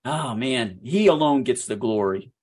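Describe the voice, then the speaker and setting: A man, a filmmaker guest on a radio show, telling his story in an animated, excitable way that often jumps up in pitch. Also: a little slow, husky. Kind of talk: storytelling interview.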